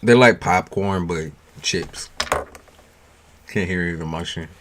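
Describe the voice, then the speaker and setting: A man with a low, deep voice chats loosely and slangily with his viewers, snacking as he talks. The recording carries a clear layer of noise and the crinkle of snack bags. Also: a little slow, fairly bright tone. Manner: slangy, laid-back, chats while eating snacks. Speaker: tarot reader streaming live. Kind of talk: casual livestream chat. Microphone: new studio mic.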